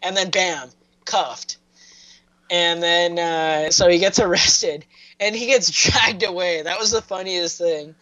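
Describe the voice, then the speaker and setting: A man's voice: high voice, slow, bright, forceful tone, low-quality recording. A man co-hosting a casual review podcast, rambling through plot recaps with lots of fillers. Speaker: podcast co-host.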